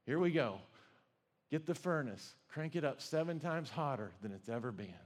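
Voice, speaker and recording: A man's voice: a little high, animated, moderate pace, long reverb tail, voice pushed down, close to an everyday voice. Preacher doing an enraged tyrant king, commanding, hot-tempered, barking orders.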